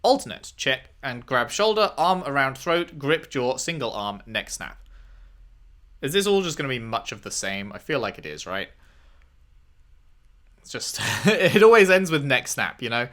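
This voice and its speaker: A man's voice: mid-range voice, sing-song, normal speed. A man playing a video game, reading in-game messages aloud and reacting with casual, profane commentary. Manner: swears freely, reads dossiers aloud and reacts with loud outbursts. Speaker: gameplay streamer.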